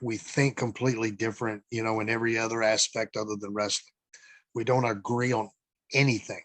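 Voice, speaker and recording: A man's voice: on the low side, flat delivery, a little fast, fairly bright tone, no echo. A middle-aged man, a former wrestler, telling rambling stories as a podcast guest, with frequent fillers and some cursing. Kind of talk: casual storytelling interview.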